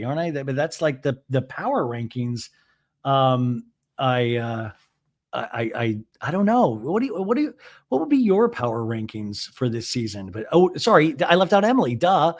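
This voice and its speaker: A man hosting a podcast, giving casual, animated, self-deprecating recap commentary. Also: mid-range voice. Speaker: podcast host.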